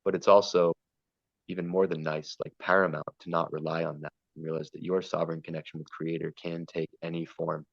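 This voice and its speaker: Deep, flat-voiced man musing on spirit. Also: fairly quick, gravelly, dry recording, dull audio. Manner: meandering, earnest, storytelling. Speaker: podcast guest. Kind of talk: spiritual conversation.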